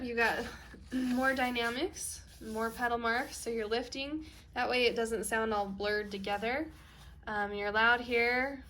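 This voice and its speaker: Piano teacher woman, higher voice. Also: bright, forceful tone, a little hiss or hum. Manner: patient step-by-step explaining, asks "okay?" often. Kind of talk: video piano lesson. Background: piano playing.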